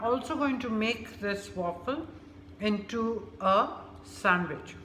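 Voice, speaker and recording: A woman hosting a casual food vlog, unhurried and thinking aloud with many fillers. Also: medium pitch, expressive, roomy sound, noisy background. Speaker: cooking vlogger.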